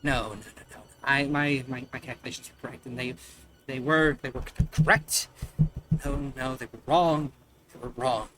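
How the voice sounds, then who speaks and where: A man voicing a mad undead male archmage who once ruled his people, stammering and repeating himself, then lurching into shouts. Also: fairly high pitch, very animated, slow pace, soft background music, full character voice. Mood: frantic, unhinged. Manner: frantic stammering, swings to shouting.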